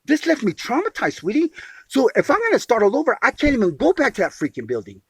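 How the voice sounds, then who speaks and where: A man's voice: very high-pitched, wildly swooping pitch, quick pace, a bit bright, slightly rough, dry recording. A man telling a long grievance in an agitated phone conversation, emphatic, restarting phrases and calling the listener sweetie. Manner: emphatic, repeats words and calls the listener sweetie. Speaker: caller telling his grievance.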